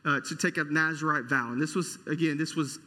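A man's voice: fairly high pitch, steady tone, a little fast, sharp tone, in a large hall. A man preaching a sermon as pastor, earnest, with frequent restarts and rhetorical questions.

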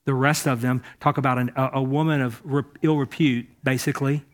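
A male pastor preaching a sermon to a church, impassioned, moving between loud urging and hushed speech. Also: mid-range voice.

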